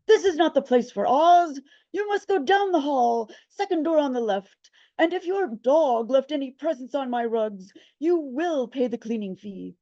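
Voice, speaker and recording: Woman as a prim, formal clerk, high and lively, slow and haughty. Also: dry recording. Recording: dull, dry sound.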